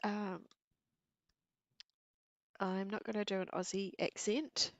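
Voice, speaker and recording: Unhurried New Zealand woman chatting live. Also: mid-range voice, steady tone, no echo. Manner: chatty, giggly, talks to viewers. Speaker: craft livestream host. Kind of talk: casual live-stream chat. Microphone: earpiece and mic at desk.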